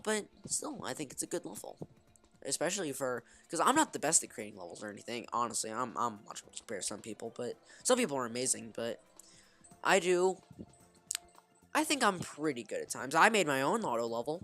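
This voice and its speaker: A woman's voice: extremely low pitch, fairly bright tone. A woman giving casual, rambling gameplay commentary, restarting her sentences and calling out to "guys.". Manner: rambling, frequent restarts, keeps saying "guys". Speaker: gaming video creator. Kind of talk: casual let's-play commentary.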